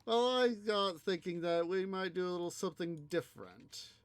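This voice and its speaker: A man doing a playful impression of an excited astronaut husband breaking big news to his wife. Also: high-pitched, moderate pace, dry recording, voice pushed up, natural voice. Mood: teasing, excited.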